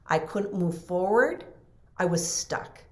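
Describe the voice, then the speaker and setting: A middle-aged woman tells a personal story as a guest on a podcast, and she slips into the voices of the people she quotes. Her voice sits a little low for a woman, and she laughs easily. The recording has a roomy echo. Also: takes it slowly. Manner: animated, acts out quoted voices, laughs often. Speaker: podcast guest, NLP trainer.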